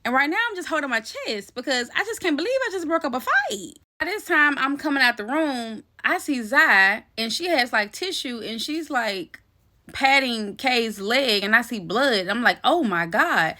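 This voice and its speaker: Animated, slangy young woman telling a story. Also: sits high, normal speed. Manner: animated, slangy, addresses viewers as "y'all" and "baby"; swears freely and laughs while telling the story. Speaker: vlogger telling a personal story. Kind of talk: casual storytime chat.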